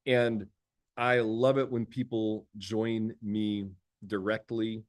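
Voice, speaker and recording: Animated male coach telling stories. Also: lowish voice, slow pace. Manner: lively storyteller who laughs often; repeats words while thinking. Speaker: executive coach. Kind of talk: casual conversational talk.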